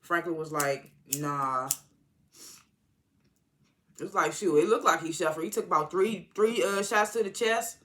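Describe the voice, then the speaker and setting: Bright-voiced rambling TV reviewer. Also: medium pitch. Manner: rambling, halting recounting, full of fillers; exasperated asides. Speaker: TV episode reviewer. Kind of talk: casual recap.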